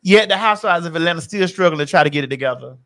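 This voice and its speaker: Emphatic bright-voiced woman host. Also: fairly low pitch, lively intonation, rapid-fire. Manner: loud, emphatic, repeats phrases for effect. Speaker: podcast host. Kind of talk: casual chat.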